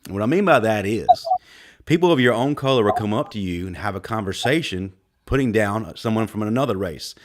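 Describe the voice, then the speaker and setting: A man in a casual panel discussion who speaks with hesitations and restarts, then says his points firmly. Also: mid-range voice. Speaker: podcast guest.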